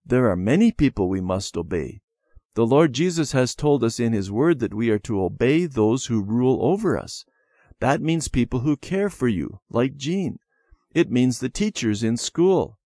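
A man reading as a patient, gentle mother. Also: mid-range voice, normal speed, dry recording, studio quality. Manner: calm, instructive storytelling.

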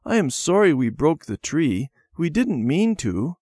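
A man's voice: on the high side, sing-song, measured pace, mellow, husky, no room sound, studio quality, pitched above the performer's own voice, heavily acted. A man voicing an eager young boy in a children's storybook reading. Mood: sheepish. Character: young boy, boisterous then sheepish.

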